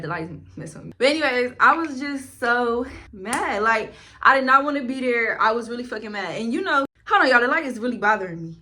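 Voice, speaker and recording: A woman's voice: fairly high pitch, bright, forceful tone. A young woman, telling a casual, profane storytime to camera at home. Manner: chatty, profane, slangy. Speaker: vlogger. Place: home, in front of a ring light.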